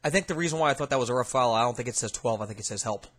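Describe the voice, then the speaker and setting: A man in a laid-back host's voice, walking listeners through recordings. He talks casually and haltingly, thinking aloud with plenty of fillers, at a medium pitch. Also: a bit bright, slightly rough. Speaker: paranormal investigator host. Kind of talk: casual commentary reviewing recordings.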